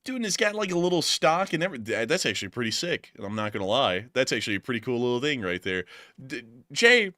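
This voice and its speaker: A man from the Southern United States hosting a casual livestream, excitable and quick to say "dude". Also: medium pitch, no room sound, clean studio sound. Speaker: host.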